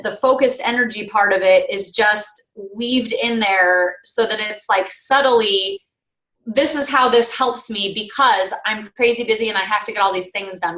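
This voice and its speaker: Brief: woman team coach, bright and forceful tone, chatty, echoey room. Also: mid-range voice. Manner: chatty, with fillers and playful mock quotes. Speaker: coach leading a team call. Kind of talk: casual coaching talk.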